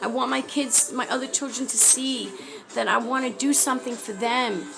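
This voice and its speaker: A woman's voice: fairly high pitch, steady tone, normal speed. A woman, speaking to camera from a shelter, pleading urgently and from the heart for help. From New York. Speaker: mother appealing for help. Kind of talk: emotional personal appeal to camera. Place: homeless shelter. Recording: music clearly behind.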